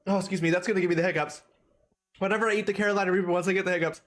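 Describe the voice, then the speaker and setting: A young man streaming a game live, reacting with excitable shrieks, swearing and silly asides as he plays. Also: sits high, racing. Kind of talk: live gameplay commentary.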